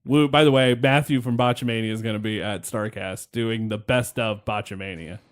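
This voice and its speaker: A man's voice: lowish voice, fairly even intonation, normal speed. Wry, rambling man recapping wrestling. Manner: rambling, wry, swears and laughs often. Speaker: podcast host. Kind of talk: casual wrestling recap chat.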